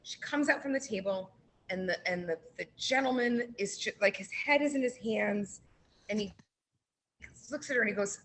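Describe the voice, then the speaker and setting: A woman guest on a radio show telling a long, lively anecdote, full of "like" and acted-out quotes. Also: mid-range voice, normal speed, slight background noise, rough recording. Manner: lively storyteller, heavy use of "like". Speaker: brewery guest. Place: radio studio.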